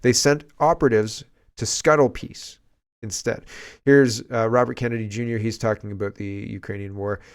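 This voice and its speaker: A man's voice: medium pitch, steady tone, normal speed, smooth. A man from Canada hosting a casual political commentary show, chatty and digressive, thinking aloud as he talks.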